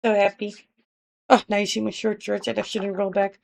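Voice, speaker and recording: A woman's voice: medium pitch, flat delivery, fairly quick, vocal fry. A sleepy woman streamer chatting casually with her live chat, giggling often and cooing to her pet. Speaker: Twitch streamer.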